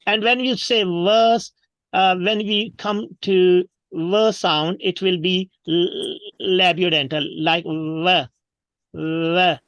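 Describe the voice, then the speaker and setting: A man with a Pakistani English accent teaches word pronunciation to a group over a video call. He speaks very slowly and deliberately, saying each word and having the class repeat it. The sound is dry and close. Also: sits high, steady tone, fairly bright tone, no echo, highs cut off. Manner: slow, drilling words and having the class repeat. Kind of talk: online pronunciation workshop.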